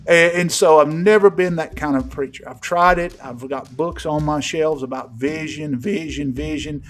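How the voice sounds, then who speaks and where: Casting: male pastor with a slightly high voice, folksy emphatic sermon delivery, soft music under. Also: normal speed. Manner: folksy, emphatic, with swings from loud to hushed. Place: church sanctuary.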